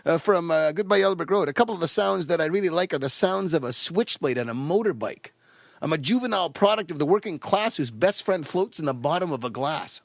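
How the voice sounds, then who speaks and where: Gravelly, animated male stand-up comic. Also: high-pitched, no room sound, studio quality. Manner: rambling, meandering delivery with fillers and laughs. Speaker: stand-up comedian. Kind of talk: stand-up comedy.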